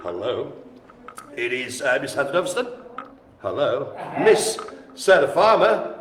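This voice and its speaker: A man hosting a live-streamed bingo game, jokey and chatty, calling out names and often addressing the audience as ladies and gentlemen. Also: medium pitch, big pitch swings, measured pace, slight background noise. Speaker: bingo host. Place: indoor room at a care home. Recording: roomy with faint ambience.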